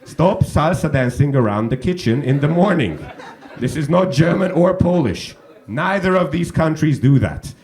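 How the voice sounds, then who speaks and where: A man's voice: fairly high pitch, lively intonation, normal speed, darkish tone. A man doing stand-up crowd work on a comedy club stage, teasing the audience with chatty questions into a handheld mic.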